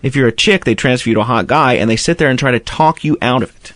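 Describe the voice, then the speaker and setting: Speaking quickly in a medium-pitched, fairly bright voice, this radio host banters casually while spinning a lengthy profane tale. He plays both parties in a phone call himself, and the audio is dry.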